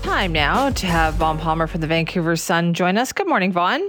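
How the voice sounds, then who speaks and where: A woman's voice: fairly low pitch, lively intonation, normal speed, fairly bright tone, soft background music. A woman hosting a morning radio show, talking casually and adding personal asides.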